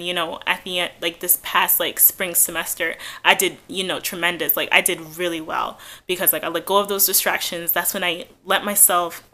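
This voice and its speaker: Twenties woman, casual vlog chat, bright tone, candid and rambling. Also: on the low side. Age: 20s. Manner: rambling, filler-heavy, candid. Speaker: vlogger.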